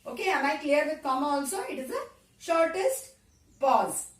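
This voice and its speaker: A woman's voice: high voice, lively intonation, moderate pace. A woman teaching a grammar lesson to a class, repeating points and often asking if the students follow. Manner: repetitive, checks understanding with frequent "Got it?". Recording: echoey room, voice from far off.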